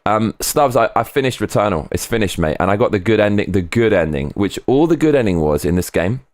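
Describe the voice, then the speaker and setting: Rambling low-voiced male streamer. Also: expressive, brisk, darkish tone, no room sound, clean studio sound. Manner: rambling and chatty, swears freely; reads viewer comments aloud. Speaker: live streamer reading chat. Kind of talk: casual live-stream chat.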